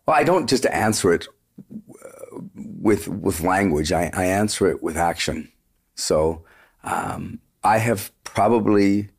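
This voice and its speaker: Middle-aged singer as interview guest: deep, breathy-edged voice, earnest and meandering. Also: male voice. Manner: earnest, rambling storyteller with many restarts. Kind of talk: casual interview conversation.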